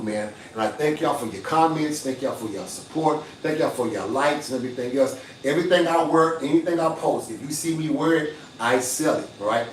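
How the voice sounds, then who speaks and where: A man's voice: fairly high pitch, distant mic, a little hiss or hum. An older man hosting a casual livestream, boastful and hustling, with a preachy streak. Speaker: livestream host. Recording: echoey room, off-mic.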